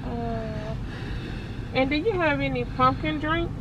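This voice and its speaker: Woman vlogger, high voice, sassy teasing chatter, phone-recorded in a car with faint road noise. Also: slow pace, muffled recording. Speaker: vlog co-host. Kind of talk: casual vlog chat and ordering. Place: car at a drive-thru.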